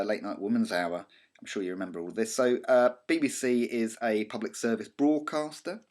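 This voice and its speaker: A man with a southern English accent, a college media teacher talking over slides in a recorded lecture, chatty and digressive with many ums and restarts. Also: fairly low pitch. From Britain. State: slight cough.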